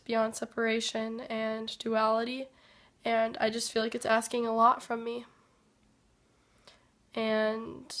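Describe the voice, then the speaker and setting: A woman with a hoarse voice from being sick, giving a hesitant, reflective personal life update as a vlogger. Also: fairly high pitch, a bit bright. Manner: slow, hesitant and reflective, many pauses and fillers. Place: workplace.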